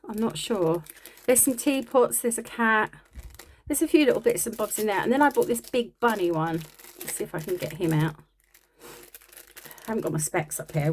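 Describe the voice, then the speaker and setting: A woman's voice: medium pitch, darkish tone, slight background noise. Lady crafter rambling thru her haul, chatty and self-deprecating. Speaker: crafting vlogger. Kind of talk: casual show-and-tell chat.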